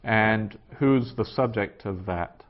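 A man teaching a class, working through a translation aloud in a halting way with many fillers. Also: lowish voice. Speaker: Greek teacher. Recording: dull lo-fi classroom recording.

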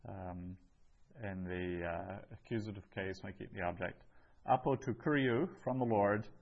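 In narrow, tinny audio, a man with a voice on the low side leads a Greek lesson at a measured pace. His explanations are patient and step-by-step, peppered with frequent ums.

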